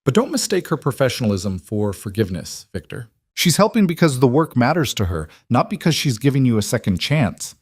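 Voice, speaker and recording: A man's voice: mid-range voice, sing-song, fairly quick, few pauses, husky, no echo, studio quality, voice pushed up. A man voicing a shrewd, direct society wife who speaks bluntly. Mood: blunt candor.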